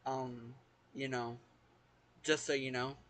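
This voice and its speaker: Bright-voiced young man rambling through a game. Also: mid-range voice, level tone, slow pace. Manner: rambling and hesitant, repeats words, swears casually. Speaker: gaming channel host. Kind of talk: casual let's-play commentary.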